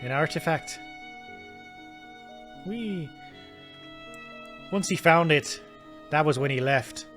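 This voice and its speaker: A man's voice: on the high side, steady tone, normal speed, a bit bright, soft background music. A man hosting a let's play, talking through the game in a chatty, self-deprecating way. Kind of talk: gameplay commentary.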